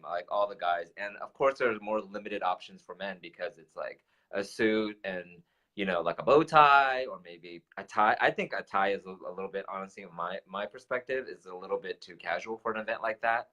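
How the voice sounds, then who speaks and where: A man co-hosting a casual talk show, chatting in an animated way with many fillers and restarts. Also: lowish voice, a little fast. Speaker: co-host. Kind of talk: casual chat.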